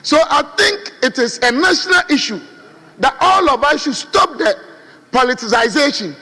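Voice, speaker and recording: A Ghanaian man addressing parliament in a high, bright voice that swings widely in pitch. His appeals ring out with a long hall reverb from the chamber. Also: animated, normal speed. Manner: oratorical, appealing, rhetorical questions. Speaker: member of parliament. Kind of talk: parliamentary debate speech.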